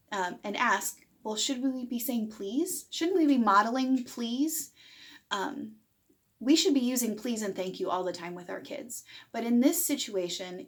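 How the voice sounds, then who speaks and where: A woman in her thirties giving a parenting lesson to camera, explaining plainly and acting out what a parent might say. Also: fairly high pitch. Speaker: parenting educator.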